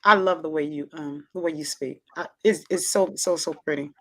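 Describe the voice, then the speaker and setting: A woman with a Southern accent hosting a casual chat, effusive and expressive, often repeating herself. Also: deep voice, a little fast. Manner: loud and expressive by her own account. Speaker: talk show host.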